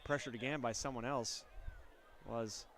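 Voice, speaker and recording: A man with a stuffy nose and nasal voice calling high school football play-by-play, getting louder on big plays. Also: measured pace. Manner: energetic play calls, rising on big plays. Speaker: play-by-play announcer.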